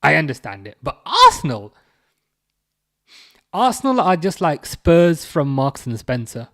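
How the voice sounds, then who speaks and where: A man's voice: on the high side, big pitch swings, measured pace, pushed and bright. A man from England chatting casually on a live football watchalong stream, reading out viewer messages and teasing them. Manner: chatty, reads chat messages aloud, teasing.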